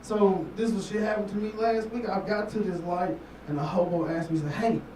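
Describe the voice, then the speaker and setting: This Memphis comic in his 30s has a high, darkish voice with fairly even intonation and a fairly quick pace. His stand-up set rambles through profane stories punctuated by laughs and asides, recorded distantly in a noisy, roomy club.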